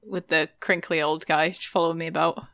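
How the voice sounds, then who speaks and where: A woman's voice: low voice, flat delivery, moderate pace, fairly bright tone, dry recording. A woman co-hosting a games podcast, playful and sweary, giggling often. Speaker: podcast co-host. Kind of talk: casual chat.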